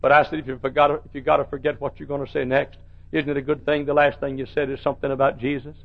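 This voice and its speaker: A middle-aged male pastor preaching a sermon, swinging from soft storytelling to loud shouted calls. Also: mid-range voice, little pitch movement, fast talker, vocal fry, phone-quality sound.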